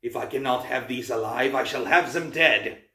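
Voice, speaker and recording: A man's voice: mid-range voice, moderate pace, bright, forceful tone, lightly acted. A man voicing a vicious male monster, with strained, wailing threats. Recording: roomy, distant mic.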